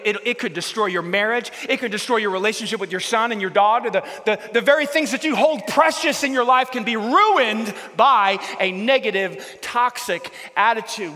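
High-pitched guy pastor preaching casual, keeps asking the crowd stuff, long church reverb. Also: brisk, sharp tone. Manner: chatty, asks the audience questions, repeats words as he goes. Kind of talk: casual conversational sermon.

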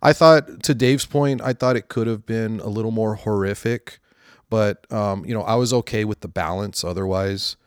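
A man's voice: lowish voice, moderate pace, clean tone, no room sound, clean studio sound. A man co-hosting a podcast, giving a casual movie review in a rambling way, full of fillers and hedges. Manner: rambling, hedging with many fillers. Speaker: podcast co-host.

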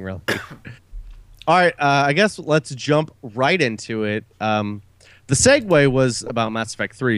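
A man's voice: medium pitch, a bit bright, clean tone, no room sound. A man hosting a casual gaming podcast, playful and laughing often as he runs the segments. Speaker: podcast host.

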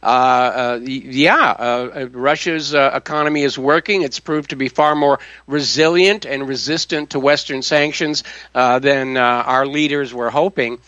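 A man hosting a call-in radio talk show, speaking haltingly with many fillers and firm opinions. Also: mid-range voice, steady tone, fairly bright tone, clean tone, dry recording, lo-fi sound.

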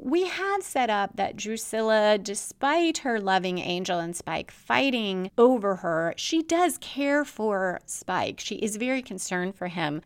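A woman hosts a podcast and walks through an episode scene by scene. She speaks at a middle pitch in a thoughtful, analytical way, with the odd filler. The recording is dry and close, with no room sound. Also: no room sound. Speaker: podcast host.

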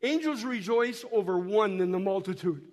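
Man, missionary, high voice, folksy storytelling to a church, repeats words, hoarse from a cold, echoey church hall. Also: normal speed. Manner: folksy, repeats and restarts words, speaks directly to the congregation. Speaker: missionary guest speaker. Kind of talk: storytelling talk to a church while showing photos.

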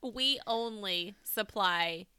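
A woman's voice: medium pitch, slow, bright, forceful tone, clean tone, no room sound, clean studio sound. A woman co-hosting a podcast, chatting casually and bluntly, with a bit of swearing. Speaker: podcast co-host. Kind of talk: casual chat.

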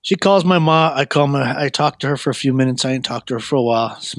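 A middle-aged man, a guest, telling his life story in a rambling, animated way, with many fillers and restarts. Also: fast, no echo. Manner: animated, acts out quoted voices with a raised pitch. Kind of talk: personal storytelling.

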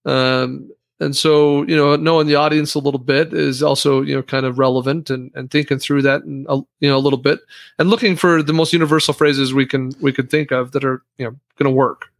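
A man's voice: mid-range voice, flat delivery, fairly quick, gravelly, dry recording, clean studio sound. A man hosting a podcast who addresses listeners directly and prompts his co-host with questions.

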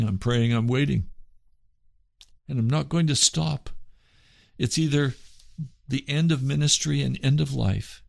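Radio pastor: a man with a gravelly, dry-sounding voice, earnest and pleading, speaking as in a sermon. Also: mid-range voice, no echo. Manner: earnest, pleading, repeats phrases.

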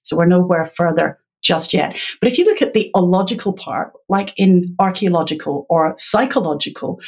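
A woman's voice: lowish voice, darkish tone, breathy edge. A woman guest in an interview, patiently explaining in a teacherly way and laughing now and then. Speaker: literacy educator guest.

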